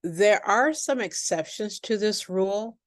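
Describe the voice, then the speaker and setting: Slow, deliberate American woman teacher. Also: medium pitch, expressive, no room sound, studio quality. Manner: slow, deliberate, carefully enunciated. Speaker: pronunciation teacher. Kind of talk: recorded lesson with repeat-after-me drills.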